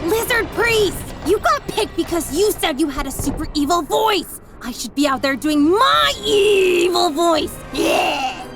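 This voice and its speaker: Woman doing a whiny elf girl, super high, lively, always fed up. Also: unhurried, over music, exaggerated voice. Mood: exasperated. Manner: whiny and exasperated. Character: whiny sarcastic young elf archer.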